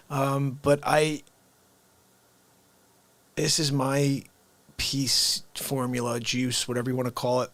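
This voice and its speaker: A man hosting a comedy livestream, chatting casually and rambling in a low-key, soft-spoken way. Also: fairly even intonation, a little slow, no room sound.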